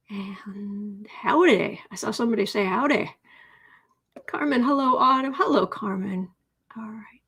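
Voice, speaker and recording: Casual live-stream host: a woman with a slightly high voice, friendly and rambling, muttering whispered asides. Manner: rambling, talks to herself, drops into whispered asides; friendly, greets viewers by name. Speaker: livestream tarot reader.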